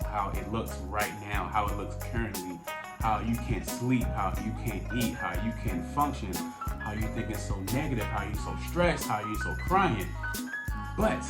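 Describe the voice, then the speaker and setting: Earnest man in an echoey room. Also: lowish voice. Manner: earnest, conversational, repeats phrases for emphasis. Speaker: faith vlogger. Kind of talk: inspirational faith talk. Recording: echoey room with background music.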